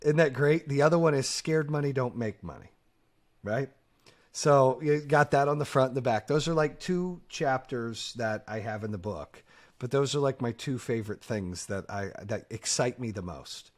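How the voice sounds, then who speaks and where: A man's voice: mid-range voice, moderate pace. A man hosting a podcast in casual chat, talking bluntly and profanely with fired-up energy. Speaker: podcast host.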